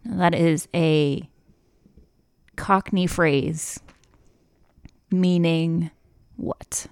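A woman's voice: lowish voice, fairly even intonation, very slow, a little mellow, clear, resonant tone, dry recording. A woman co-hosting a live radio show from a studio, playful and giggly as she quizzes her partner. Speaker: radio co-host. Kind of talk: casual on-air banter. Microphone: studio microphone.

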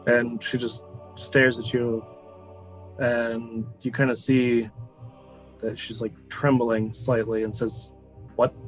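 A man's voice: mid-range voice, level tone, takes it slowly, long pauses, soft background music, low-quality recording. A man narrating as game master in a casual, loose way, with frequent fillers.

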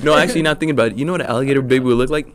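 A young man co-hosting a podcast in casual chat, relaxed and rambling with fillers. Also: mid-range voice, rapid-fire. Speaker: podcast co-host.

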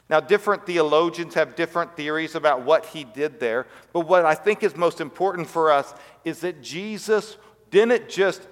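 A male pastor tells his sermon as a story in a slightly high voice, dropping to a soft hush on the most important words. His voice fades into a long reverb that fills the church sanctuary.

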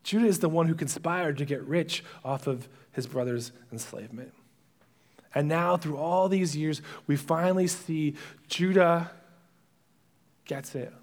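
A male pastor preaching a sermon, retelling a story dramatically and dropping to hushed whispers at its emotional moments. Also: a little high, unhurried.

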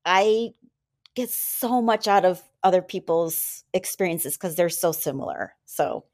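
A woman's voice: fairly low pitch, animated, unhurried, a little mellow. A woman who is a returning podcast guest, chatting eagerly and gratefully, often restarting her sentences. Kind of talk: casual podcast chat.

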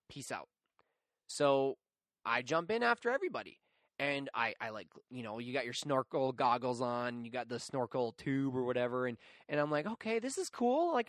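A young man hosting a podcast, telling a story in a chatty, animated, self-mocking way with lots of fillers. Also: medium pitch, no room sound, studio quality. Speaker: podcast host. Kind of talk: casual storytelling.

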